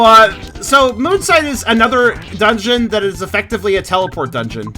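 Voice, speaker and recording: A man narrating his own game playthrough with wry, offhand remarks and casual swearing. His voice sits a little high and jumps around animatedly, with a bright, forceful edge. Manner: wry, swearing, laughs often. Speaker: let's play host. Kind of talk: casual gameplay commentary.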